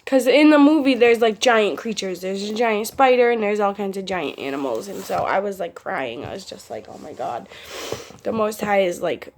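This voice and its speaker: A woman's voice: medium pitch, expressive, normal speed, crowd noise. A young adult woman talking to camera in a casual, rambling vlog, chatty and giggly as she drifts between topics. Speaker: vlogger.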